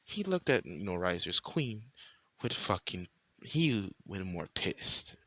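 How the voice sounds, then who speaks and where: A man's voice: sits low, very animated, slow pace, bright, forceful tone. A young man improvising a fan-fiction story in a casual, rambling, profane way, full of slang.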